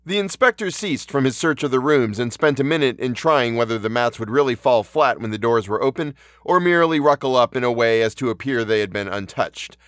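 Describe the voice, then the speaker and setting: A man hosting a podcast and reading a horror story aloud in a measured, earnest way. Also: medium pitch, animated, fairly bright tone, no echo, studio quality. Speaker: podcast host and audiobook narrator.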